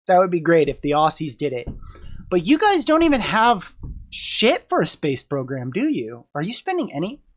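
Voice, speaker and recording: A woman's voice: on the low side, huge pitch swings, normal speed. A woman streamer with a cold, chatting casually on a livestream, joking and swearing as she rambles. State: sick with a cold.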